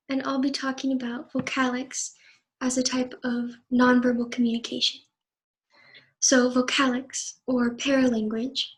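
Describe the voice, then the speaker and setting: A young woman giving a scripted class presentation in an even, explanatory reading manner. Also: fairly high pitch, rough recording. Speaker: student presenter.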